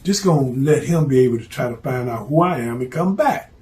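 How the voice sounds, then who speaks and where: A man's voice: medium pitch, lively intonation, brisk, a little mellow. A man telling a story from his past in a blunt, profane, streetwise way.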